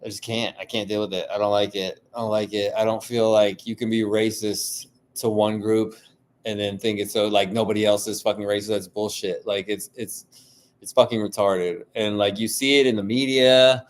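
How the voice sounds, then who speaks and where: A man's voice: on the low side, level tone, normal speed. A man hosting a solo podcast, ranting heatedly with heavy swearing and constant fillers. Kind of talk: casual monologue.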